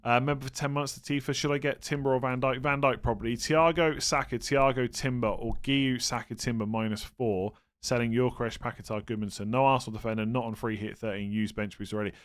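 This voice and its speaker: A man's voice: mid-range voice, fairly even intonation, fairly quick, hardly any pauses. Tired, rambling man on a stream. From England. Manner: chatty, rambling, self-interrupting, tired and yawning. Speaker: host answering viewer questions. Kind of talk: casual live-stream Q&A.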